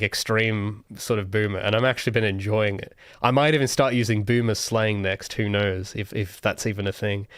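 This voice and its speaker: A man's voice: on the low side, dry recording, clean studio sound. A young adult man hosting a casual livestream Q&A, rambling and thinking aloud with many restarts. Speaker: solo game developer streamer.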